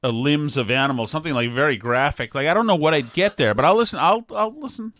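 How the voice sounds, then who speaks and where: A man's voice: a little high, quick pace, a bit bright, dry recording. A man hosting a casual radio talk show, joking and rambling. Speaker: radio host.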